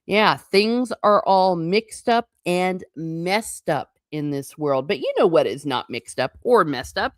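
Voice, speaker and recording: A woman reads a classic novel aloud, her voice pitched a little low. She stops often for quick, chatty, playful remarks. The sound is dry and close, with no room echo. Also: lively intonation. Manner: chatty asides between passages, quick and playful. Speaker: book reading channel host. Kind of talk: reading a novel aloud with casual commentary.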